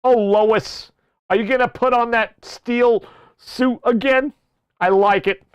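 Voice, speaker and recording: A man doing a goofy, loud, nasal impression of a middle-aged cartoon dad. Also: extremely high pitch, steady tone, slow pace, clean tone, dry recording, pitched above the performer's own voice.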